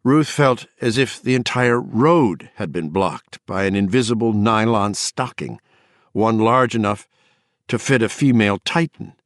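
A man narrating an audiobook in a measured, dramatic storytelling manner. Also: on the low side, no room sound, clean studio sound. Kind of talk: scripted narration.

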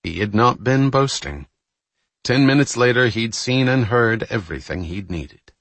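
A man narrating a novel in a steady, even storytelling manner. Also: medium pitch, unhurried, no room sound. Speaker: audiobook narrator. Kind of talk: scripted narration.

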